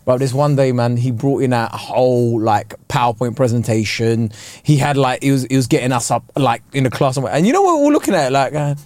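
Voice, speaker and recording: Man, bouncy pitch, dry close mic, laughs through his stories. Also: a little fast, few pauses, no room sound. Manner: lively, laughing anecdotes. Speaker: podcast co-host. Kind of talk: casual chat.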